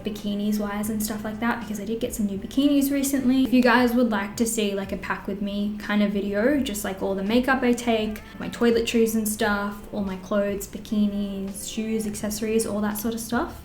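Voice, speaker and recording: A woman in her twenties with an Australian accent, chatting in a rambling, animated way through a get-ready-with-me beauty vlog. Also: medium pitch, moderate pace, slight background noise. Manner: rambling and animated, many fillers. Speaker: beauty vlogger. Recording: roomy echo.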